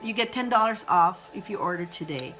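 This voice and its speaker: Bright chatty woman hosting a live stream. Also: mid-range voice, brisk, faint music behind, low-quality recording. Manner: chatty and excitable, breaks into laughter. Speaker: spiritual live-stream host. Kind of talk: casual live-stream chat.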